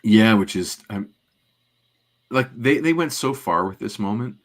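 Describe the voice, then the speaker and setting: Here a podcast co-host with a lowish, expressive voice speaks a little slowly as he walks through scenes in casual detail. He rambles, drops in asides and leans on plenty of "um"s and fillers.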